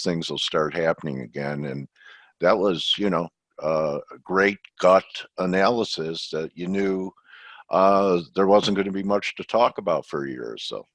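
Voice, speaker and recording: Low-voiced male webinar host, dry sound. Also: no echo. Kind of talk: casual interview.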